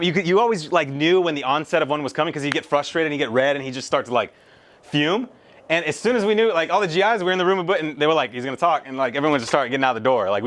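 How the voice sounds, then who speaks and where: A man's voice: fairly high pitch, a bit bright, slight background noise. Emphatic man telling a story on stage. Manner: emphatic, conversational, swears casually. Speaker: motivational speaker. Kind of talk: storytelling keynote speech.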